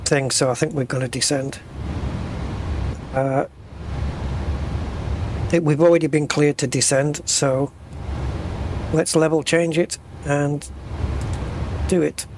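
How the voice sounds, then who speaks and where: Gravelly, chatty flight sim streamer man. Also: fairly high pitch, fairly even intonation, slow pace, pauses often, background noise. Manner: chatty, reads and answers chat while flying. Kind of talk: casual live-stream chat over gameplay.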